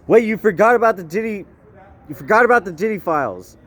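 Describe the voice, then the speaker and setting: A man's voice: high-pitched, expressive, fast, fairly bright tone. A man vlogging in a rambling, casual monologue, tagging his lines with "eh?" and laughing often.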